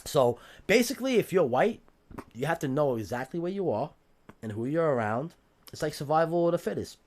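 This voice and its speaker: A man's voice: fairly high pitch, lively intonation, brisk, a little mellow. A man with a New York accent telling jail stories on a podcast in a casual, streetwise way, swearing freely and acting out the voices he quotes. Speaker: podcast guest. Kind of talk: casual storytelling.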